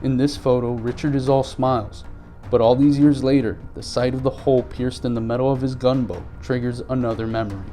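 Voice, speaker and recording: A male reporter gives measured, scripted narration in a mellow, warm voice. Soft music plays under his voice. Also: mid-range voice, steady tone. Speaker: news reporter.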